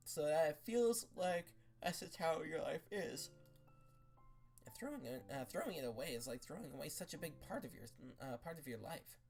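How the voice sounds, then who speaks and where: A woman voicing a scared, conflicted teenage girl who speaks hesitantly in a read-aloud fan story. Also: low voice. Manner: halting, hesitant, quietly troubled.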